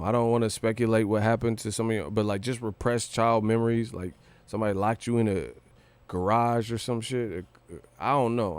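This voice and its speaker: A man's voice: on the low side, dry recording. A young man hosting a boxing livestream, ranting casually with lots of profanity and joking. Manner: profane, joking, breaks into laughter and sing-song rhymes.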